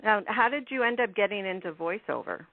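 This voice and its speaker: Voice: medium pitch, animated, brisk. A radio host asking interview questions in a friendly, conversational way. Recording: tinny phone line.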